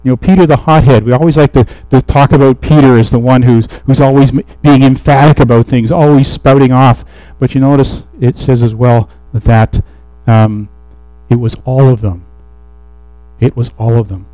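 A man's voice: mid-range voice, fairly even intonation, moderate pace, dark tone, no echo, poor audio. A man preaching a sermon, reading scripture aloud and explaining it in a conversational way with restarts and fillers.

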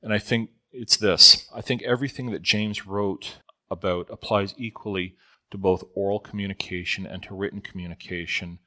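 A man's voice: lowish voice, steady tone, moderate pace, bright, forceful tone. A man in his fifties preaching a sermon in a reflective, conversational way, sometimes correcting himself mid-sentence.

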